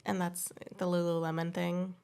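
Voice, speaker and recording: Woman, thirties, podcast co-host, gravelly voice, rambling anecdotes, casual. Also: fairly low pitch, flat delivery, a little mellow. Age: 30s. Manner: rambling, storytelling, quick asides. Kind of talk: casual chat.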